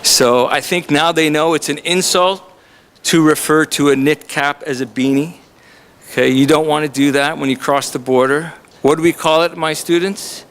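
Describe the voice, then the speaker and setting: A man's voice: fairly high pitch, fairly even intonation, normal speed, fairly bright tone. A man, a college instructor, introducing a visiting author to an audience in a chatty, joking way. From Canada. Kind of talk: humorous introduction speech to an audience. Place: college lecture room.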